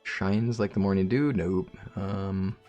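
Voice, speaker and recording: A man's voice: low-pitched, fairly even intonation, takes it slowly, warm tone, muffled recording, faint music behind. A man casually commenting on his game, rambling and joking with viewers. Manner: rambling, jokey, talks to viewers. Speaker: let's play host.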